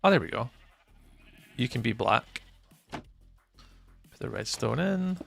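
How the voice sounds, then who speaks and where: A Scottish man streams himself playing a game, chatting with viewers, answering chat readers by name, and muttering to himself as he goes. His medium-pitched voice is slow and sing-song with vocal fry, and faint music plays in the background.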